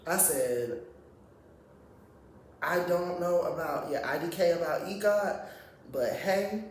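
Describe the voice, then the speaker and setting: A man's voice: a little high, animated, slow pace, distant mic, slight background noise. A man giving a blunt, profane, rambling casual opinion monologue as a reality TV commentator. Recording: very echoey room, off-mic.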